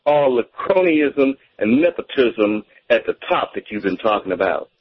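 A man calling into a radio talk show, making his points in an earnest, halting way with many fillers. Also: mid-range voice, very animated, slight background noise. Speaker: caller. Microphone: telephone. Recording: tinny phone line.

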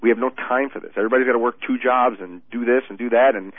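A man calling in to a radio show, talking in an excitable, stammering, indignant way about politics. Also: medium pitch, quick pace, no echo. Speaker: phone-in guest. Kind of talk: heated political chat on a phone line. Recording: tinny dry phone line.

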